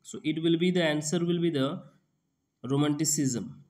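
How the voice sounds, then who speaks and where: A man, working as a tutor who reads out quiz questions and answers, repeating each one slowly and restarting often. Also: fairly high pitch, a little mellow. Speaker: exam prep tutor. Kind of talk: reading out and explaining quiz questions.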